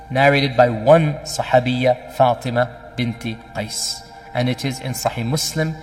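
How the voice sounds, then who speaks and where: Brief: male Islamic lecturer, explanatory and digressive, faint music under a reverberant room. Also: medium pitch. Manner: explanatory, with Arabic terms and frequent fillers. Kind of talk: religious lecture.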